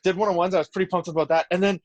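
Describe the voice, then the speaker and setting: A man's voice: sits high, steady tone, racing, dry recording. Rambling young man. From Canada. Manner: rambling, heavy use of "like", reflective. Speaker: guest, pro football lineman. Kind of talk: casual storytelling interview.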